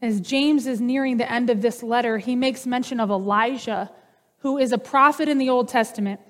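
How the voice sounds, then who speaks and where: A woman's voice: fairly high pitch, moderate pace. A woman pastor giving a conversational, humorous sermon. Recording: long hall reverb.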